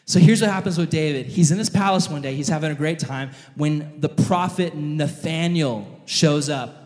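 A man preaching an animated, jokey sermon, addressing his audience directly as he tells a story. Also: on the high side, normal speed. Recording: long hall reverb.

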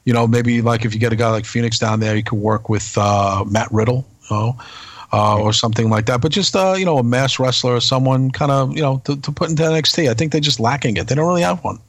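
A man co-hosting a casual podcast, talking in a loose, rambling way and throwing questions at his partner. His voice sits at a middling pitch and is recorded dry, with almost no room sound. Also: fast, no echo. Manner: rambling, asks many questions. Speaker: co-host.

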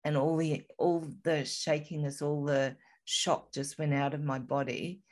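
A woman recounting a personal experience in a slow, reflective, soft-spoken way as a guest in an interview. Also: low voice, level tone. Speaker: guest telling her story.

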